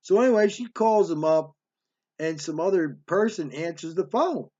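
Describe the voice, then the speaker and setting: Speaking at a moderate pace in a slightly high, mellow, animated voice, a fiftysomething man tells a tale from his earlier life. He's blunt and streetwise, often checking in with "right?", and the audio sounds dull and lo-fi.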